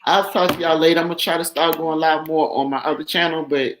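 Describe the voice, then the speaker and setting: A woman's voice: sits low, fairly even intonation, fast talker. A woman guest on a casual livestream, emotional and effusive, overwhelmed by her own news. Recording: echoey room.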